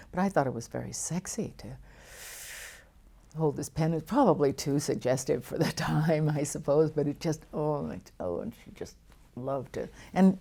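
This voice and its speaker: An older actress telling lively stories in an interview, with frequent laughs and restarts. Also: female voice, low-pitched, creaky. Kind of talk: storytelling interview.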